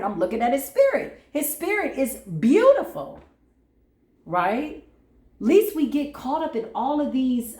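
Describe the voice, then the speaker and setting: A woman giving a spiritual tarot reading in a vlog, animated and slangy with casual swearing, now and then breaking into sung bits. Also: fairly high pitch, echoey room. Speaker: tarot reader.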